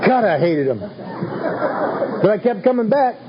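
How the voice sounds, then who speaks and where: A man's voice: sits high, sing-song, slow, over a noisy crowd, very noisy. A man telling his recovery story to a meeting in a wry, self-mocking, folksy way. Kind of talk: humorous storytelling talk. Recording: dull lo-fi recording with faint ambience.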